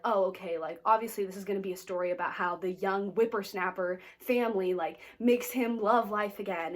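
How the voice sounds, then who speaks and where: An American woman chatting casually about her reading, filling her talk with "like" and teasing asides. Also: medium pitch. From United States. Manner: chatty, lots of "like" fillers, playfully snarky. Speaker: book vlogger. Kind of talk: casual reading wrap-up chat.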